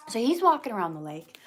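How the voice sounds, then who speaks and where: A woman hosting a casual livestream, clearing her throat often and restarting her sentences as she tells a personal story, sounding teary. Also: high-pitched. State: teary, emotional. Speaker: YouTube channel host answering viewer questions.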